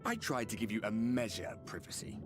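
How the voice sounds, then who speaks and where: A gentle male game ghost, low and hushed, lively inflection, music under him. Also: brisk. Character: gentle male ghost, soft-spoken and polite. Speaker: game character.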